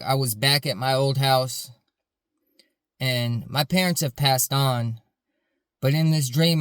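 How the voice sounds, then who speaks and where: A man's voice: mid-range voice, smooth, no room sound, clean studio sound. Earnest man rambling through a story. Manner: earnest, rambling with many "like" fillers. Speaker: security supervisor telling his dreams. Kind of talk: casual storytelling to camera.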